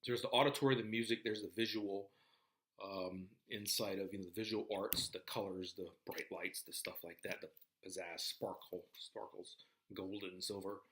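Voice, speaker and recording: A man's voice: sits low, fairly even intonation, moderate pace, very noisy. A man giving a casual talk to a class, rambling with many fillers and restarts. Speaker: lecturer. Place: classroom with a board.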